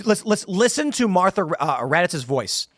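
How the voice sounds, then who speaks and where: A man's voice: high-pitched, big pitch swings, moderate pace, fairly bright tone, no echo. A man hosting a political talk show, ranting with heated indignation. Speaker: podcast host.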